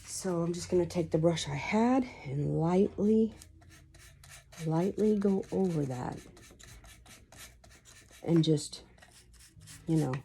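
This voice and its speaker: Chatty woman, low and mellow. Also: animated, slow, creaky, pauses often, slight background noise. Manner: chatty, rambling storyteller. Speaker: craft vlogger. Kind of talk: casual crafting tutorial.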